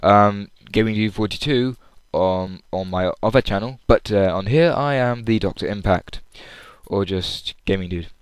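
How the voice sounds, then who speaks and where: Chatty young Englishman, low clear voice. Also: normal speed, dry recording. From England. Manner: chatty, lots of fillers and restarts. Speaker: vlogger. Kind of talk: rambling audio log.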